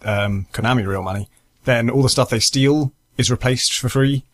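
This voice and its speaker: A man co-hosting a podcast, explaining things in a relaxed way with some fillers. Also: medium pitch, moderate pace. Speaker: podcast co-host. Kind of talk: casual chat.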